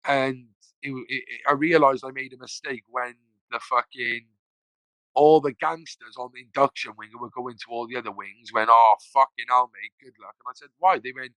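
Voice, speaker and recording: A man's voice: mid-range voice, moderate pace, sharp tone, dry recording, poor audio. A man, a podcast guest telling his story casually, rambling, swearing freely and acting out the voices of people he quotes.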